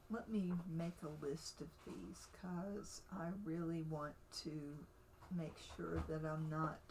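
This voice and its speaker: A woman talks very slowly through a casual livestream tutorial, often pausing and restarting her sentences. Her voice sits a little low for a woman. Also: a little mellow, a little hiss or hum, poor audio. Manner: hesitant, many fillers and restarts. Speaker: livestream host teaching language creation.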